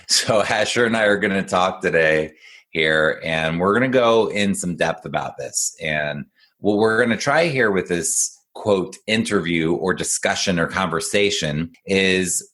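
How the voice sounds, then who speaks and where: On a casual podcast, an executive function coach with a very low male voice works through ideas. He explains things patiently and encouragingly, and his stories come out animated.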